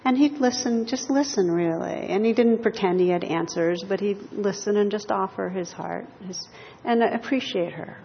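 A woman meditation teacher giving a gentle, reflective dharma talk to a group in a hall. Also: mid-range voice, moderate pace, creaky, hardly any pauses, slight background noise. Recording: lo-fi hall recording with long reverb.

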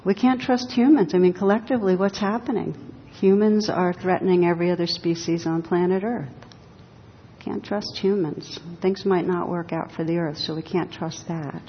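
A woman giving a dharma talk as a meditation teacher, speaking slowly and reflectively with touches of gentle humor. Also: steady tone. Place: hall with a live audience. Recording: reverberant hall, dull sound, faint rumble.

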